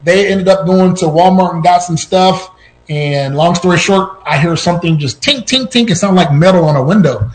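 A man with a high-pitched voice recounts his own near-death experiences. He talks with lots of restarts and gets animated, his voice jumping up at the tense parts. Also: moderate pace, low-quality recording. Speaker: podcast guest. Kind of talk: personal storytelling.

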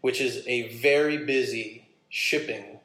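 A man casually telling a long personal story, animated and acting out what people said. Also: medium pitch, slow pace. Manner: animated, acts out his own quotes. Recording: roomy echo.

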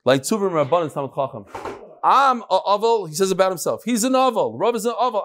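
High-voiced man teaching a Talmud class. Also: fast talker. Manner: lively, explains in plain talk and acts out the dialogue; peppers English with Hebrew and Yiddish study terms.

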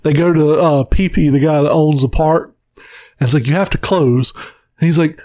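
A man co-hosting a casual podcast, retelling a cartoon episode in an animated way, swearing and laughing often. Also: fairly high pitch, brisk, no echo. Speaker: podcast co-host. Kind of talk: casual chat.

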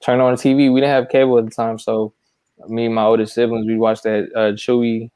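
A young man from San Francisco reminiscing in a relaxed, casual chat. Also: medium pitch, quick pace, smooth, dry recording.

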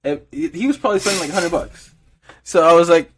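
A man's voice: fairly high pitch, fast talker, breathy edge. Rambling young man telling a story. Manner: rambling storyteller, laughs often, many fillers. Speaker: podcast co-host. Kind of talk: casual podcast chat.

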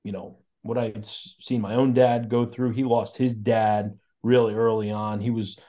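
A man's voice: on the low side, little pitch movement, moderate pace, dark tone. A middle-aged man from Connecticut, a guest on a podcast, telling his story in a chatty way, repeating words and chuckling often. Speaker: podcast guest, auto shop owner. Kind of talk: casual storytelling interview.

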